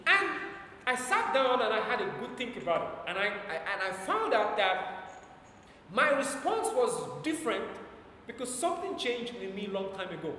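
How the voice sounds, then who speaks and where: A man preaching a sermon to his congregation, his voice rising and falling in volume and slowing deliberately on every scripture line. He is recorded from a distance in a very echoey hall with a long reverb tail and a faint hum of the room behind him. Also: high-pitched, big pitch swings, sharp tone. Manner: emphatic, slows down for scripture quotes, volume rises and falls. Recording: echoey church hall from far off.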